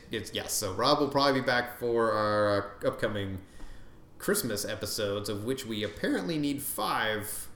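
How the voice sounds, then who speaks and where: A man's voice: on the low side, fairly bright tone. Wry man host in an echoey room. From Canada. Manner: wry, reads listener emails aloud. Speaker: podcast host. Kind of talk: casual chat. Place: room with several people. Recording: echoey room, faint background noise.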